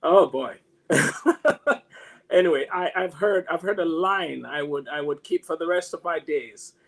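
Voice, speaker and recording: A man's voice: a little high, measured pace, a bit bright. Reflective male mathematics professor. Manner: reflective, storytelling, frequent restarts. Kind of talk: motivational talk.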